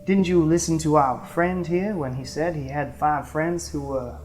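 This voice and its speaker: A woman voicing a poised countess who speaks graciously and soothingly, higher than her narration. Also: normal speed, darkish tone, faint music behind, lightly acted.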